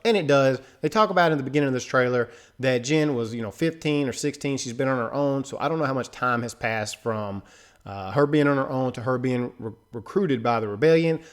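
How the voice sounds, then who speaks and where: A man hosting a casual commentary video, talking loosely and conversationally with frequent filler asides. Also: mid-range voice. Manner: loose and conversational, fills with "right?" and "you know". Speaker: host. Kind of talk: casual commentary on a film trailer.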